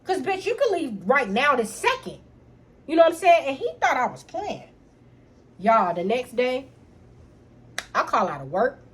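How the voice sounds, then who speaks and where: A young woman with a high, slightly husky voice tells a story to her vlog audience. She talks in a lively, profane style and keeps calling her viewers y'all. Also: moderate pace, long pauses. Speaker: storytime vlogger.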